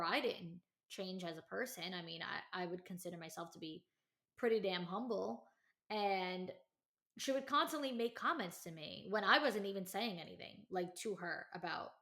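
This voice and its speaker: A woman hosting a podcast, telling a personal story in casual chat, full of "like" and "you know", and acting out quotes with lively energy. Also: gravelly. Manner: chatty, heavy use of "like" and "you know"; animated, acts out quotes in a higher voice. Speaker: podcast host.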